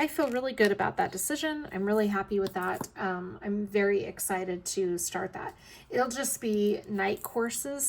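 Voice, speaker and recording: A woman's voice: medium pitch, gravelly. A woman in her fifties chatting casually in a rambling way, tired and yawning, her throat a little scratchy. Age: 50s. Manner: rambling, chatty, with frequent ums and yawns. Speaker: vlog host. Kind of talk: casual chat while crafting.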